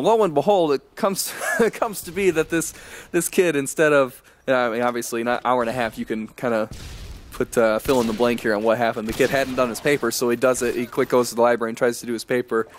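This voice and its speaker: Young man ranting over gameplay. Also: medium pitch. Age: young adult. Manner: rambling, chuckling, ranting. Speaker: gaming commentator. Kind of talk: casual gameplay commentary.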